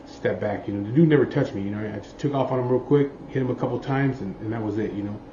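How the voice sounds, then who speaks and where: A man tells a long story in a loose, profane ramble, tossing in filler checks with his listener. His voice is dark and mellow. The recording is muffled and roomy, with a faint hiss behind him. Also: medium pitch, fast. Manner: rambling, profane, keeps saying "you know what I mean". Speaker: biker telling a story. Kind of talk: casual storytelling.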